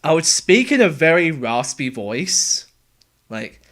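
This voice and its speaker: A young man casually explaining how he made game voices, talking in a relaxed, halting way. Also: fairly high pitch. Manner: halting, relaxed, with fillers and restarts. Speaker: game voice actor and sound editor. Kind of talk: casual developer commentary.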